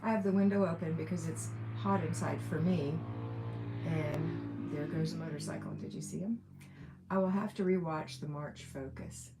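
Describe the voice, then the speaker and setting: A woman's voice: deep voice, moderate pace, over music. A woman with an Alabama accent hosting a casual live question session, chatty and reading viewer comments aloud with a laugh now and then. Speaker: livestream host. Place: room at home with window open.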